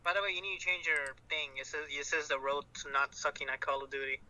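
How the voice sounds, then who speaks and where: A man's voice: on the high side, fairly even intonation, fast talker, pushed and bright, rough recording. A young man teasing his friend about a stream, laughing as he chats casually. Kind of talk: casual chat. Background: music.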